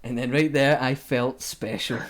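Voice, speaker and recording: A man's voice: medium pitch, steady tone, a little slow. Joking, swearing podcast host, a man. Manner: swears, laughs and jokes crudely. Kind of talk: casual podcast chat.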